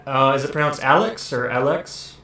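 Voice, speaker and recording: Bright-voiced man hosting a casual podcast. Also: mid-range voice, a little slow. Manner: deadpan joking, swears a lot. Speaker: podcast host.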